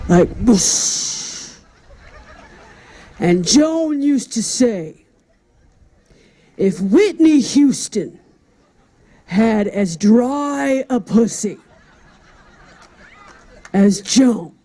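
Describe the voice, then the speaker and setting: A woman doing a slow, lower-pitched impression of a grieving man telling a crude eulogy. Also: lively intonation, warm tone, full character voice. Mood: mock grief. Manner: drawn-out, halting delivery with pauses.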